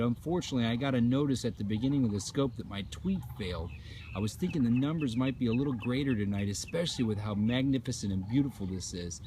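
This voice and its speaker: A man's voice: medium pitch, darkish tone, slight background noise. Upbeat man streaming a sunset outdoors. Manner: upbeat, effusive, reads out viewer comments. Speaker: livestream host. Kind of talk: casual live-stream chat. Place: outdoors at a nature preserve at sunset.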